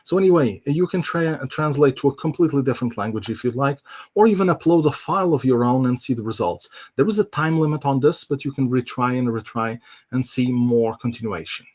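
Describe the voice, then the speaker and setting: A man's voice: mid-range voice, a little fast, darkish tone. Casual man walking through a tech demo. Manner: casual, filler-heavy explaining. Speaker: tech presenter. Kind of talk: live online tech demo.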